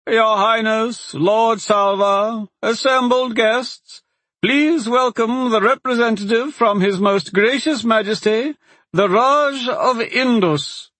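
A man voicing a pompous herald who announces loudly in a squeaky, slow voice. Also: no room sound, full character voice. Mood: proclaiming. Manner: loud, slow, squeaky proclaiming.

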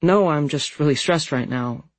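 A man's voice: on the high side, normal speed, no room sound, voice pushed up, close to an everyday voice. A man doing a stressed, earnest young woman. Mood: chatty.

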